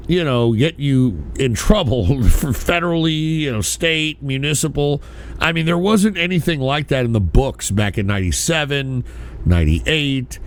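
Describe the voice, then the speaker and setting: A man chatting casually as a streamer, rambling, swearing freely and talking loosely about his past. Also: medium pitch. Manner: rambling, profane, loose and conversational. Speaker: streamer reacting to a clip. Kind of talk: casual chat.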